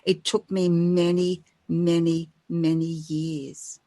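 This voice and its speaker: Soft-spoken woman, low and dry. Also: little pitch movement, slow pace, no room sound. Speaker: co-host of a spiritual radio show. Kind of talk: gentle spiritual encouragement.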